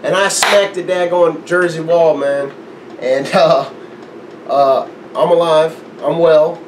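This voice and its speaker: A guest storyteller with a slightly high voice casually spins a long tale at a slow pace against a noisy background. He's animated, acting out the voices and quotes and laughing often.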